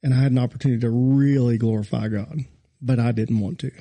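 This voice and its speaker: A man in his role as a pastor tells a personal story in relaxed podcast talk. He is animated and pokes fun at himself. His voice has a mid pitch and a dark, mellow tone. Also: fast talker. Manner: animated, self-mocking storyteller. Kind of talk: casual storytelling chat.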